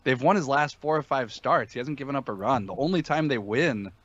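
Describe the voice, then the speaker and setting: A man's voice: medium pitch, brisk, fairly bright tone, no room sound, lo-fi sound. A man talking sports betting in a casual podcast chat, emphatic and opinionated, with many fillers and restarts.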